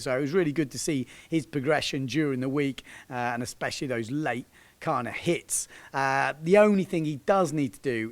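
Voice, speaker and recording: A man's voice: on the high side, no echo. A man, a windsurfing coach hosting a video, joking and laughing as he talks over clips of his students. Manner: jokey, laughing, shouts encouragement. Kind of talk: casual commentary over video.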